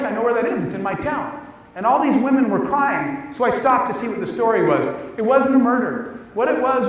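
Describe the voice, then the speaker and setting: Male motivational speaker, high voice, emotional storyteller, recorded from a distance in a reverberant hall. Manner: emotional storytelling, quotes others in lively voices. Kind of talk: motivational speech. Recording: echoey hall, mic at a distance.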